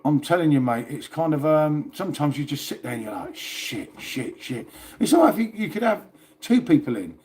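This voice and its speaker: A man's voice: on the high side, lively intonation, quick pace, darkish tone. A man hosting a casual livestream, chatting and rambling to viewers and swearing now and then. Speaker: livestream host.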